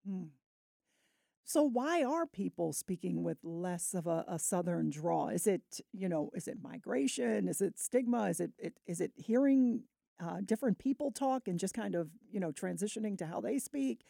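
A woman's voice: medium pitch, expressive, moderate pace, gravelly, warm tone, no echo, studio quality. A woman hosting a public radio show, introducing a guest and asking short, friendly questions.

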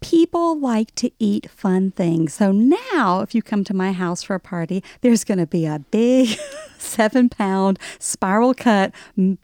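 A woman's voice: mid-range voice, lively intonation, measured pace, a little mellow, dry recording, studio quality. A middle-aged woman from Alabama with a Southern accent, telling wry, self-deprecating stories in an interview. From American South, Alabama. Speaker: author guest. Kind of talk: conversational interview.

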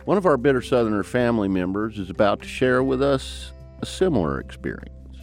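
A man with a Southern mountain twang, hosting and narrating a scripted program in a measured, folksy way. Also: mid-range voice, very animated, faint music behind. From American South. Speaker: host.

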